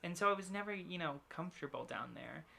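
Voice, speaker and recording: A low-pitched woman co-hosting a podcast over a remote long-distance setup. She talks casually in quick, filler-heavy bursts and retells stories with plenty of "like" thrown in. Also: animated, creaky, sharp tone. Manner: chatty, quick bursts full of "like". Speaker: podcast co-host. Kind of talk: casual chat.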